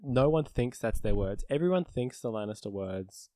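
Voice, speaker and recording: Young man, deadpan, casual podcast chat, dry close mic. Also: mid-range voice, normal speed, no room sound. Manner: explains and corrects, wry and deadpan. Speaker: podcast co-host.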